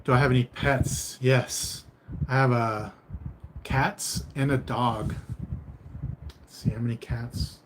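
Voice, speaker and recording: A man unhurriedly chats with his livestream viewers from home, drifting between topics and answering their comments with easygoing, low-key humor. He talks at a slow, unhurried pace. Steady noise hisses under the voice throughout. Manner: laid-back, meandering, answers chat with mild humor. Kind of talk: casual livestream chat.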